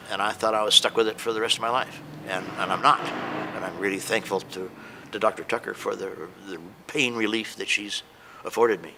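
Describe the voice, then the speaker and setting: A man tells his story as a patient, emotional and hesitant, stumbling through restarts and fillers. His voice sits a little low but sounds bright. Faint noise hangs behind him. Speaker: patient giving a testimonial. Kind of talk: unscripted testimonial.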